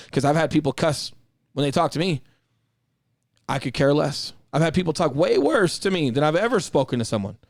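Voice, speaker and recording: A fast-talking man with a slightly raised pitch co-hosts a podcast in a casual chat style. He is blunt and direct, and he swears freely as he speaks. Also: darkish tone, dry recording, studio quality. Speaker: podcast co-host.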